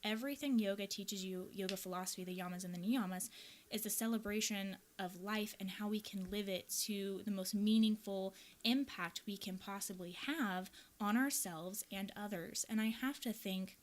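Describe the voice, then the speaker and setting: A woman's voice: mid-range voice, normal speed. A young woman from the American Midwest, a yoga teacher hosting a podcast, telling a personal story in a candid, earnest, reflective way.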